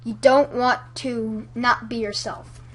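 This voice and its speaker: Woman giving vlog tips, high-pitched, bright and forceful, rambling with fillers. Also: steady tone, takes it slowly. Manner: chatty, rambling, lots of "like" fillers. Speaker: YouTube commentator giving tips. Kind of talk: casual tutorial vlog.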